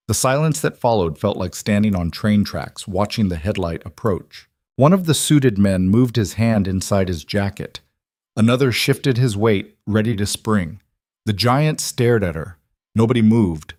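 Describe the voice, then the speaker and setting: A man's voice: lowish voice, lively intonation, measured pace, a little mellow, no room sound, clean studio sound. A man reading scripted narration of a tense story in a dramatic, suspenseful way.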